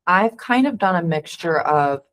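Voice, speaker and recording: A woman's voice: lowish voice, lively intonation, a little slow, a bit bright, slight background noise. A woman on a casual panel, candid and questioning, thinking aloud.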